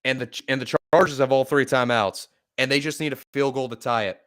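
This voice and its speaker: A man calls a football game for his own live stream, a fan more than a broadcaster. His voice is smooth and resonant at an ordinary middle pitch. He swears casually and climbs into excited shouting at big plays. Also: fairly quick. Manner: excitable, profane, shouting when upset. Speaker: sports podcast host. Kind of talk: live play-by-play fan commentary.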